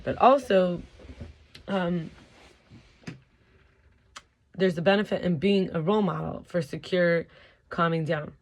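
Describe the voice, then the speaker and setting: A tired self-help teacher who keeps yawning gives a casual talk. The voice sits in a middle range, and the delivery is loose and unscripted, full of fillers and restarts. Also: mid-range voice.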